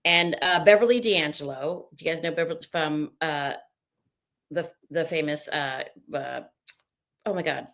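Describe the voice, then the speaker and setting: A chatty woman speaks in a lowish voice, full of restarts and playful asides as she tells stories. She is a guest in a relaxed, casual interview. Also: a little slow.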